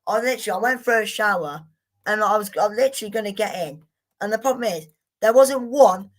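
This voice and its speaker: A woman's voice: medium pitch, fast talker. A young woman hosting a live football watchalong, chatting to viewers in a frustrated, sweary way. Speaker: watchalong host.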